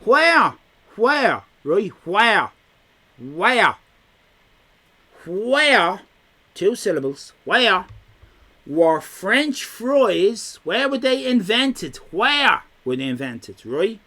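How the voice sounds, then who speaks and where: A man's voice: high voice, very animated, drawn-out words, pauses often, sharp tone. A young Irish man hosting a quiz on a live stream. He is chatty and teasing as he reads chat messages aloud.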